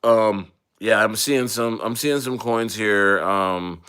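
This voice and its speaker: A man's voice: lowish voice, takes it slowly, fairly bright tone, clean tone. A man putting on the voice of a prying male office supervisor who questions a worker, with a falsely casual manner full of ums.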